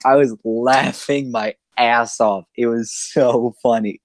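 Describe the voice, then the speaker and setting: A young man co-hosting a podcast, telling a funny story in an animated way and laughing often. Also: medium pitch, slow pace, dry recording, clean studio sound. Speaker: podcast co-host. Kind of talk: casual storytelling chat.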